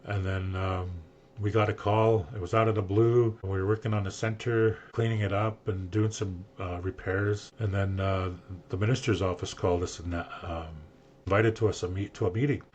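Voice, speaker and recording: An older man on a podcast, earnestly telling a personal story and acting out what people said to him, with a husky voice. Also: sits low, steady tone, normal speed, darkish tone, muffled recording, a little hiss or hum. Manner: earnest, emotional storyteller who acts out quoted speech. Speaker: guest sharing his story.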